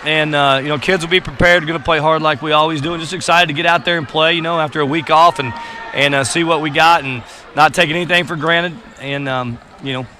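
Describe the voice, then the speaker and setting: Speaking fast in a steady, bright and forceful voice that's a little high, a male boys basketball coach gives a casual courtside interview as a guest at a gym during a game. He rambles with many fillers and restarts, and a slight hiss or hum is present.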